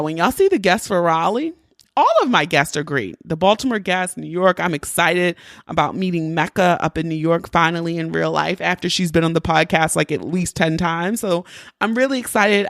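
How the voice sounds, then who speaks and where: A woman's voice: on the low side, dry recording, studio quality. A woman hosting a podcast in a casual, playful chat, her voice congested from allergies. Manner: lively, chatty, playful. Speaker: podcast host.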